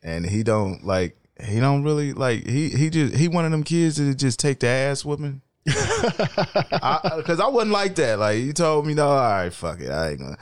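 A man's voice: a little high, lively intonation, measured pace. A man co-hosting a casual podcast, bantering bluntly with heavy cursing. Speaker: podcast co-host. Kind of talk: casual chat.

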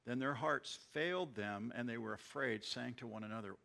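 A man's voice: medium pitch, moderate pace, vocal fry, sharp tone. A man teaching verse by verse through a scripture passage, reading and then explaining in a conversational way, often restarting his words. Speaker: Bible teacher. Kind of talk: verse-by-verse sermon.

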